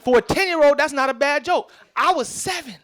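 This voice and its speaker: A young stand-up comic with a high voice tells stories in on a club stage. He talks in a loose, streetwise way and keeps turning to the crowd with quick asides. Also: a bit bright. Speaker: stand-up comedian. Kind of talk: stand-up comedy set.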